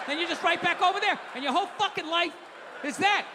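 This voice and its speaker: A middle-aged man in his fifties doing a stand-up comedy set, ranting profanely and animatedly with sudden shouts. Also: very high voice, fast talker, background noise. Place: comedy club stage. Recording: roomy live theater sound. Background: audience laughter.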